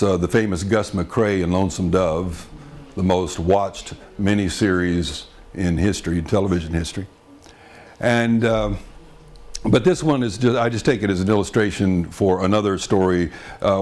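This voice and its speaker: Guy telling folk stories to a crowd in a room, chatty, lowish voice. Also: darkish tone. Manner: chatty, with frequent fillers and asides to the audience. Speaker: storyteller. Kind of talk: live folk-tale storytelling.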